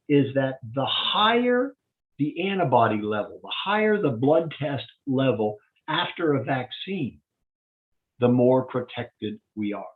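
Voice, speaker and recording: A man, a physician, giving a community health update and walking plainly through slides step by step. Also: mid-range voice. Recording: tinny phone-like line.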